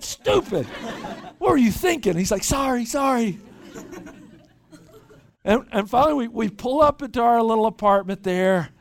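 A man preaching at a retreat, telling a lively story and often repeating words as he starts sentences. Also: high-pitched. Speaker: pastor. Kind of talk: sermon with storytelling.

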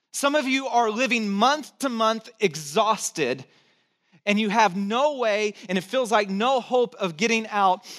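High-voiced emphatic man preaching. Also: a bit bright. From born in Texas, raised in California. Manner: emphatic, repeats key phrases, conversational asides. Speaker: pastor. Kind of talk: sermon.

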